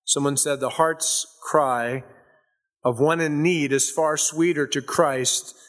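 A man preaching a sermon. He swings from soft, slow scripture reading to loud, fervent emphasis, with chatty storytelling asides. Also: fairly high pitch, fairly even intonation.

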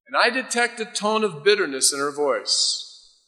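A man delivers a sermon in a bright, forceful voice pitched a little high. He slips into the voices of the people in his story as he preaches. His words carry a long, lingering hall reverb. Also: lively intonation, moderate pace. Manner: acts out biblical figures' voices mid-sermon.

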